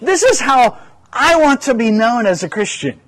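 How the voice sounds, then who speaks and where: A man's voice: extremely high pitch, very animated, moderate pace, a bit bright, rough recording. A pastor preaching a sermon in an earnest manner, often repeating words as he presses a point.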